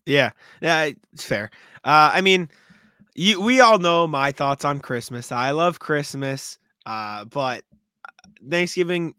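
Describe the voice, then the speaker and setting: A man co-hosting a casual sports podcast, telling animated stories with plenty of swearing and laughter. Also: fairly high pitch, slow pace, clean tone, dry recording. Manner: animated storytelling, swears freely, laughs often. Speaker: podcast co-host. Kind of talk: casual chat.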